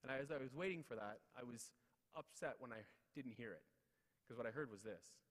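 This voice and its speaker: Man, 30s, motivational keynote speaker, rapid storytelling delivery with refrains, recorded in a reverberant ceremonial hall. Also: mid-range voice, a bit bright. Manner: storytelling with repeated refrains and acted-out quotes. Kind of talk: motivational speech with personal stories. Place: large ceremonial hall at city hall.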